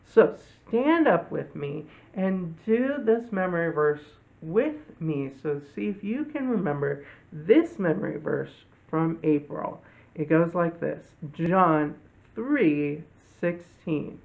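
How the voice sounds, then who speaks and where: Slow gravelly kids' church host. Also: male voice, a little high, expressive. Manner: slow, gentle storytelling addressed to kids. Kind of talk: children's Bible lesson. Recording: tinny phone-like audio.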